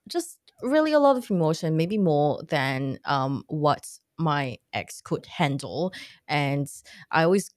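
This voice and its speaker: A woman's voice: low voice, no room sound, clean studio sound. A woman hosting an interview, asking thoughtful questions with hesitant fillers. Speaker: podcast host. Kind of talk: conversational interview.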